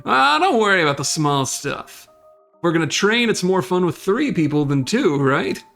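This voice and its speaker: A man's voice: sits high, sing-song, moderate pace, vocal fry, fairly bright tone, soft background music, exaggerated voice. A man voicing a brash young guy who calls himself a hero, talking in a boisterous pep-talk way.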